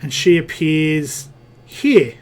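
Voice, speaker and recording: A man's voice: fairly high pitch, expressive, slow pace. A man running a tabletop game as game master, hesitant and full of fillers as he works out dice math.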